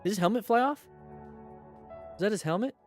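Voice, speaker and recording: A man's voice: high-pitched, brisk, soft background music. Man coaching riders over videos. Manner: coaching, asks questions and answers them; excited exclamations at near misses. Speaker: motorcycle riding instructor and host. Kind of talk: commentary on riding videos.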